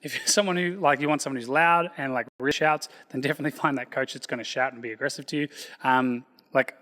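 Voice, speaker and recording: Loud energetic male trainer in a reverberant hall. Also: mid-range voice, fast. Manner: loud, energetic, self-described loud guy. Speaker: personal trainer and business founder. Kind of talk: casual podcast talk.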